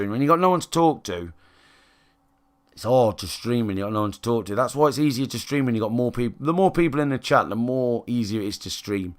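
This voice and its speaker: A man, chatting bluntly and rambling to his live stream viewers from his own room. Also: medium pitch. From England. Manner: blunt and sweary, rambling with restarts and fillers. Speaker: game streamer.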